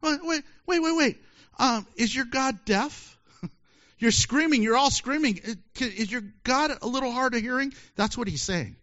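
A man preaching a sermon in a joking, animated way, acting out little voices and laughing often. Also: very high-pitched, normal speed. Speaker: pastor. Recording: dull lo-fi sermon recording.

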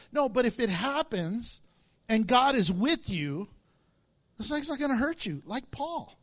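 A man's voice: extremely high pitch, moderate pace. A man preaching as a pastor, telling stories with jokes and acting out quotes. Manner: animated storytelling with jokes and acted-out quotes. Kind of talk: sermon.

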